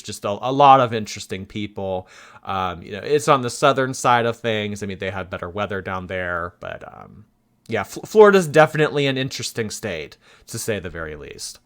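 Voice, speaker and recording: A man hosting a chatty commentary vlog, his pitch swinging up and down as he talks. He speaks playfully and with animation, stretching out jokey asides. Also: big pitch swings, moderate pace, fairly bright tone. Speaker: YouTube commentary host.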